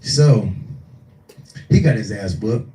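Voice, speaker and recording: A man in his forties doing live stand-up, telling a profane, animated story and acting out the voices in it. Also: fairly low pitch, slow pace. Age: 40s. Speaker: stand-up comedian. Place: small live venue. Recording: echoey room, distant mic.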